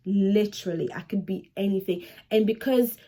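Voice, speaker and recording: A woman in her twenties talking casually to camera in a home vlog, animated and chatty, repeating herself for emphasis. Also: mid-range voice, normal speed. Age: 20s. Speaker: vlogger.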